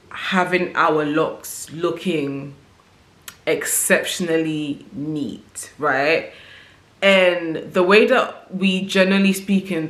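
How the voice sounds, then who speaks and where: A woman's voice: on the low side, a bit bright, roomy sound. A woman vlogger talking casually to camera, reflective and conversational, often checking in with the listener as she thinks aloud. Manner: reflective, conversational, often tags "right?" and "you know". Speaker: vlogger sharing opinions.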